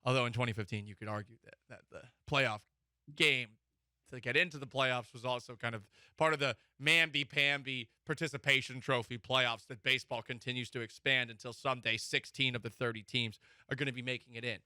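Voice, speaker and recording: A man's voice: medium pitch, brisk, smooth, no room sound, clean studio sound. A man hosting a sports talk show, opinionated and joking. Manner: animated, mock-emotional, joking.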